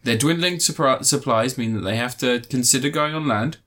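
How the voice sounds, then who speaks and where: A man's voice: mid-range voice, a bit bright. Rambling sarcastic man recapping a film. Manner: sarcastic, rambling with fillers and quick mock voices. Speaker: film reviewer. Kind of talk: casual film recap chat.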